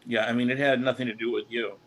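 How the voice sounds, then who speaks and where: A man's voice: medium pitch, level tone, a bit bright, poor audio. A man chatting casually as a guest on a live stream, stumbling over his words and teasing the host. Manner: halting, fumbling for words, teasing and laughing. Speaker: chat guest. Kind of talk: casual chat.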